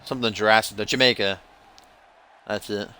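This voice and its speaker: Guy doing goofy play by play on a wrestling game, bright sharp voice, jokes around a lot. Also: fairly low pitch, fairly even intonation, fairly quick, a little hiss or hum. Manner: joking, rambling, playful asides. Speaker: commentator of a video game wrestling league. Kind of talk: play-by-play commentary over gameplay.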